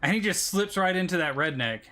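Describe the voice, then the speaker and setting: A man chats loosely while streaming a game, rambling from joke to joke. His voice is bright and sits high for a man. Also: animated, brisk. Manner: rambling, joking. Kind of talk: casual gaming chat.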